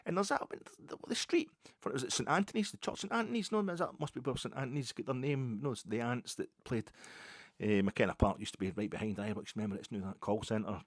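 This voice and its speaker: A man's voice: medium pitch, quick pace, dry recording. A Scottish man hosting a podcast, telling a rambling, self-mocking anecdote with plenty of swearing. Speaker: podcast host. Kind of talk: casual anecdote storytelling.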